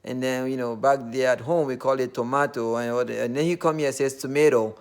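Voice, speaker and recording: A man's voice: mid-range voice, fairly even intonation, fast talker, darkish tone, smooth. A man from Nigeria with a Nigerian accent, talking in a casual, earnest monologue full of fillers. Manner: earnest, loosely phrased with many fillers.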